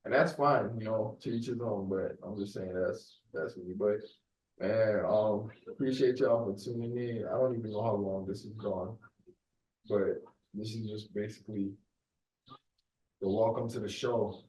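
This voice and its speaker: A young Nigerian-born man hosts his podcast alone, talking in a mostly American accent that lets a Nigerian lilt slip through. His voice sits low and mellow, loose and rambling with constant "you know"s. He sounds a little off the mic in an echoey room. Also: fairly even intonation, normal speed, distant mic, slight background noise. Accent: American with a light Nigerian accent. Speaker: podcast host. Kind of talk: casual solo podcast monologue.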